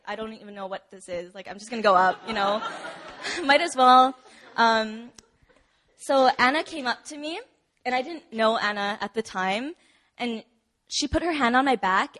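A woman's voice: on the high side, fairly bright tone. A woman sharing her personal testimony at a church service in a chatty way, with many fillers and frequent laughs. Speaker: church member giving testimony.

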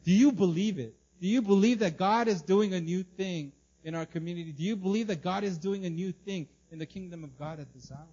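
A male pastor preaching an animated sermon, acting out the people in the story and often repeating and restarting his words. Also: high-pitched, brisk, breathy edge, lo-fi sound.

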